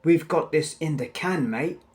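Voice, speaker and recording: A man voicing a slow-witted male crook who talks in a hushed, hissing way, in a storybook reading. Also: a little high, breathy edge.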